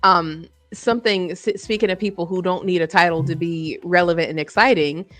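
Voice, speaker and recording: A woman co-hosting a casual wrestling podcast, talking in a lively, playful way. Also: fairly low pitch, a little fast, no echo. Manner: lively, playful, laughs often. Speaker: podcast co-host.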